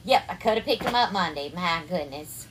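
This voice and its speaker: A woman with a Southern US accent runs a casual cooking livestream against a noisy background, greeting viewers by name and calling them darling and sweetheart. Her fairly low voice is expressive and brisk.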